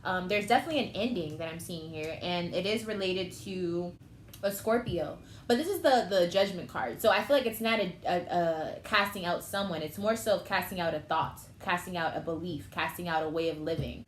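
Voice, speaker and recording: A woman's voice: fairly low pitch, a little fast, a little hiss or hum. Emotional young woman reading tarot. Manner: emotional, chatty, thinking aloud. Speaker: tarot reader. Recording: echoey room with faint ambience.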